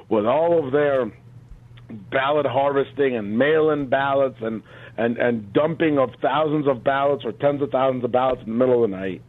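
Fervent man on a tinny phone line. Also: medium pitch. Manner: fervent, emphatic rally-style delivery. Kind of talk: heated political talk.

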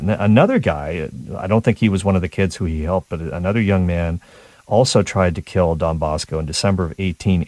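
A male radio host tells a story in a low-pitched voice, chuckling now and then and restarting his sentences as he gets caught up in it. The studio sound is dry and close, with no room echo. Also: a little mellow. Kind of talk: casual storytelling on talk radio.

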